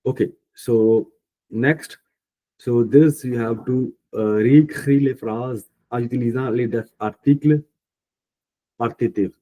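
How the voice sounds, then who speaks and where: Slow-speaking Indian-accented male teacher. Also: mid-range voice, dark tone, poor audio. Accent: Indian English. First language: Punjabi. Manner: slow, patient, thinking aloud with many fillers; self-correcting mid-sentence. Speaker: French teacher. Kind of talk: online class teaching.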